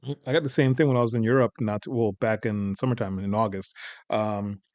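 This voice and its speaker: Relaxed American man telling a story. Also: on the low side, brisk, no room sound. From United States. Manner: relaxed, rambling storytelling with frequent laughs. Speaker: co-host. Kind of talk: casual podcast reaction chat.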